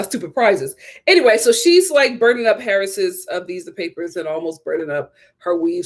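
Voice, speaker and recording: Sassy high-voiced woman reviewer. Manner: sassy, emphatic, laughing asides. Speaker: reality TV reviewer. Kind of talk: casual video commentary.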